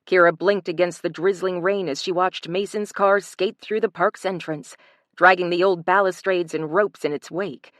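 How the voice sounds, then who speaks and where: A woman narrating a thriller audiobook in an even, measured reading style. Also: lowish voice, dry recording, clean studio sound. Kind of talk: scripted narration.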